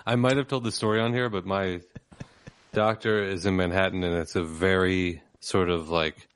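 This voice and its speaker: A man's voice: low-pitched, fairly even intonation, normal speed, fairly bright tone, clear, resonant tone, no room sound. A man hosting a podcast in casual comedic chat, telling long rambling anecdotes and laughing at his own story. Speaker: podcast host.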